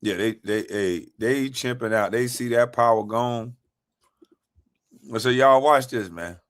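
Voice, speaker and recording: A man's voice: mid-range voice, unhurried, smooth. A man hosting a live stream, giving loose, laughing, ranting commentary.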